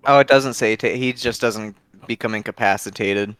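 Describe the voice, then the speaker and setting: Guy player, lowish voice, blunt, swears casually. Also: fairly even intonation, moderate pace, a bit bright. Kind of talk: casual game chat.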